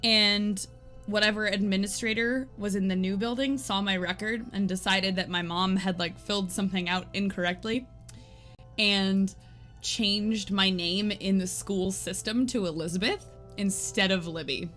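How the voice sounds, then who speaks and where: A woman's voice: mid-range voice, normal speed. Chatty, giggly woman streamer. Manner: chatty, rambling, peppered with "like"; giggly, animated storytelling. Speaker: game streamer. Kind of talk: casual live-stream chat. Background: faint game music.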